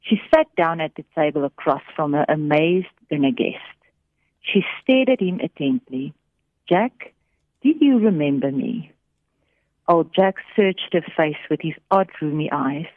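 A woman narrates a story on radio with a lively, animated voice that rises and falls. She reads with expression. The sound is dry and thin, like a phone line. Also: low voice, moderate pace, no room sound.

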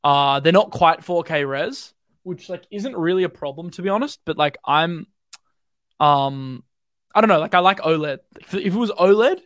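Chatty Australian streamer, slightly high voice. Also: male voice, no room sound, studio quality. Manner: relaxed, rambling, quick and slangy with many fillers. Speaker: crypto streamer. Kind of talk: casual live-stream chat and chart commentary.

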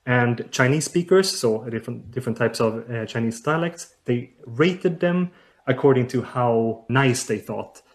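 A man's voice: medium pitch, unhurried. Guy explaining research, lots of uhs and restarts. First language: Swedish. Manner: hesitant, many uh fillers and restarts. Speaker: language researcher, guest. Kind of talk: explaining in an interview.

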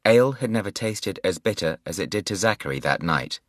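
A man with a very deep voice reads a novel aloud in measured, scripted narration. The recording is dry and close, with no room sound. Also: lively intonation, a bit bright, no echo. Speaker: audiobook narrator.

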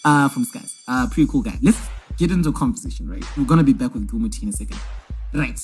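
A man's voice: mid-range voice, lively intonation, fast, darkish tone, faint music behind. A man hosting a casual chat show, playful and teasing. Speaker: host.

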